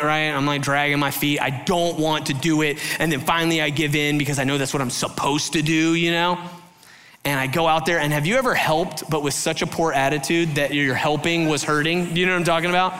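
Male pastor, bright and fairly high voice, preaching a candid personal story in a sermon. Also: fairly even intonation, normal speed, in a large hall. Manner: candid storytelling with acted quotes; loose, filler-heavy talk.

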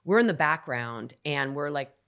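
A woman with a low voice and a gravelly edge talks as a podcast guest. She tells her story candidly and with animation. The delivery is loose and conversational, like unscripted chat. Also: lively intonation, moderate pace, fairly bright tone. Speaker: actor guest.

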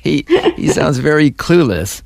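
A man hosting a podcast, calmly interviewing a guest and reading the outro. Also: a little high, a little slow, creaky. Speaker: podcast host. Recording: dry studio mic with faint music.

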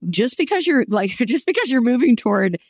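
A woman's voice: a little high, sing-song, fairly quick, a little mellow, no echo. Affirming woman podcast host, dry sound. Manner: enthusiastic, affirming, teacherly. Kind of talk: conversational faith interview.

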